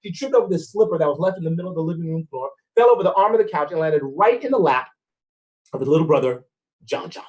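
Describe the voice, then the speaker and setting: A man telling a folk-style story with expressive, dramatic pacing. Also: a little high, quick pace, muffled recording. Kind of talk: storytelling performance.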